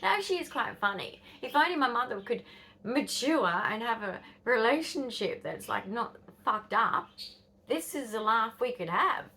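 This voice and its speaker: Australian woman, fifties, vlogger, lively pitch, rambling blunt storytelling. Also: a little slow. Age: 50s. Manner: rambling, blunt, swears, drops into whispers. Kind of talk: casual storytelling to camera.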